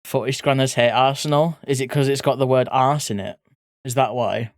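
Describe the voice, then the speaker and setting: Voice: mid-range voice, steady tone, moderate pace, no room sound, studio quality. A streamer, chatting casually and playfully with live viewers while drawing, reading chat aloud and swearing now and then. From England (grew up in Leeds). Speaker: art streamer.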